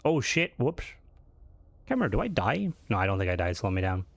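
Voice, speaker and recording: A man's voice: fairly low pitch, big pitch swings, fairly quick, creaky, no echo. A man chatting casually while he streams a game live, rambling and swearing and often restarting his sentences. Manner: rambling and profane, with frequent restarts.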